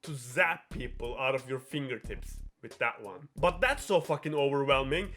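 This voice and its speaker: A man's voice: mid-range voice, lively intonation, moderate pace, pushed and bright. A young man hosting a show, retelling a game plot in a rambling, profane, giggly way. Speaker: host.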